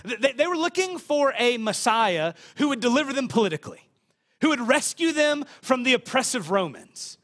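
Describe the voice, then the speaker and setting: A young man delivers a sermon in a notably high voice. He talks the scripture through in a loose, conversational way. He often restarts and repeats words along the way. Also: very animated, moderate pace, fairly bright tone. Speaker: pastor.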